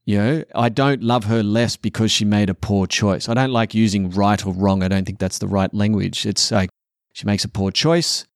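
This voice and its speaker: Speaking as a dad on a casual podcast, a middle-aged man is candid and earnest, and he curses a lot. He performs quotes in a raised voice, his low-ish voice keeping a steady tone at a moderate pace. The audio is studio quality with no room sound.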